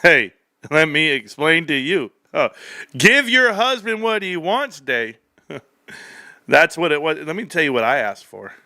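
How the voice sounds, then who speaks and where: A man's voice: on the high side, big pitch swings, measured pace, bright, forceful tone, no room sound, studio quality. A man talking into a desk microphone on a casual stock-market stream, joking crudely and boastfully as he rambles. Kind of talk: casual rambling livestream chat.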